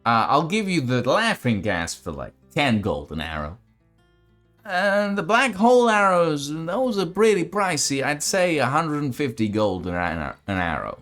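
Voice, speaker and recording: A man's voice: on the high side, very animated, a bit bright, faint music behind, voice pushed up. A man putting on a gleeful old arrow merchant. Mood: haggling. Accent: wobbly put-on accent of no fixed place. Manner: drawn-out, sing-song, relishing his wares.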